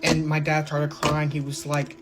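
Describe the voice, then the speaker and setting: Animated casual storyteller, noisy recording. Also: mid-range voice, unhurried. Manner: animated, swears freely, uneven pace.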